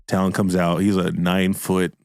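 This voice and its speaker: A man hosting and running an improvised comedy role-play story, playful and quick to jump into voices. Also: deep voice, completely flat delivery, creaky, slight background noise. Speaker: host and game master.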